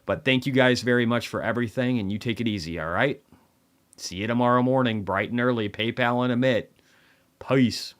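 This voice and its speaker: A man's voice: medium pitch, brisk, slight background noise. A tired man casually rambling through a market recap livestream, swearing often. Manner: profane, rambling, offhand.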